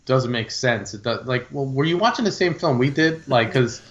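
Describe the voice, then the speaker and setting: A man's voice: mid-range voice, animated, a little fast, lo-fi sound. A man co-hosting a film podcast in casual chat, rambling with many fillers and restarts. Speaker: podcast co-host.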